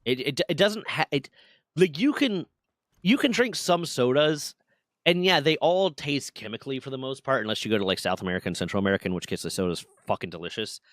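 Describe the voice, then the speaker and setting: A man in his twenties with a medium-pitched voice talks fairly quickly during a casual game stream, animatedly telling stories full of swearing and acted-out quotes. The recording is dry and studio quality.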